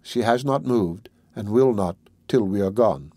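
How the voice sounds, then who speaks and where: A man reading an audiobook, voicing a kindly older gentleman with a measured, solemn and persuasive delivery. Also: lowish voice, no echo.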